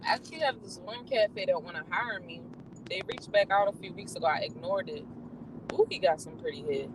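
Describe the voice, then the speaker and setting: A vlogger chatting casually while driving, bursting into excited exclamations. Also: medium pitch, brisk. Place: car on the road. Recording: loud road noise from driving.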